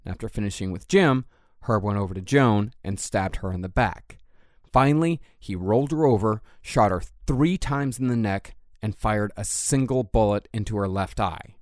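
A man's voice: on the low side, moderate pace, darkish tone, no echo, studio quality. A man hosting a true crime podcast, narrating the case bluntly with profane asides. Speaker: podcast host.

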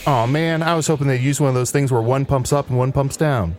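A man's voice: mid-range voice, brisk, a little mellow, soft background music. A man at a tabletop game speaking in character as a horse, goofy and playful. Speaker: player.

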